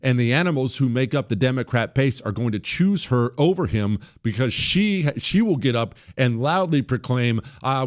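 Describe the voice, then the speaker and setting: A man's voice: mid-range voice, animated, moderate pace. A man hosting a political talk radio show, delivering a combative, sarcastic monologue that repeats phrases for emphasis.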